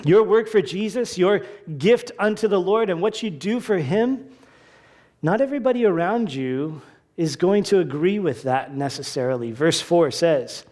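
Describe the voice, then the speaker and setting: High-voiced man preaching a lively sermon. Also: moderate pace. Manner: animated, acts out quoted voices, conversational asides. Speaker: pastor.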